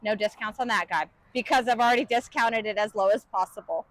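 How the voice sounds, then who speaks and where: High-voiced chatty American woman. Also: fairly quick, few pauses, fairly bright tone, poor audio. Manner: chatty, upbeat, often laughing and reading viewer comments. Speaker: co-host of a live cooking stream. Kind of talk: casual live-stream chat.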